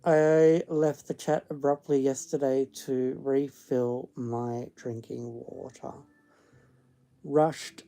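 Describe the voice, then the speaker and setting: A man's voice: mid-range voice, warm tone. Sleepy, murmuring male streamer. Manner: drowsy, murmuring, lying in bed. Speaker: livestream host. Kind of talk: casual livestream chat. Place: bedroom, in bed.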